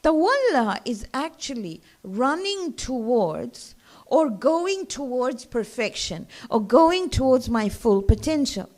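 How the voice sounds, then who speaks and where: Woman lecturer, slightly high voice, conversational, explains to her audience and asks them to follow along. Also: big pitch swings, takes it slowly, darkish tone. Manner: conversational, checks in with listeners. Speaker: religious lecturer. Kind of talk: religious lecture to a gathering.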